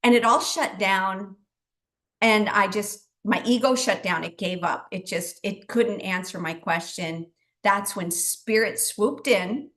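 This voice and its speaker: Chatty, laughing woman medium telling her story. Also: mid-range voice. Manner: animated, chatty, laughs often, acts out her own past words. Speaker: guest psychic medium. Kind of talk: casual storytelling in a talk show interview.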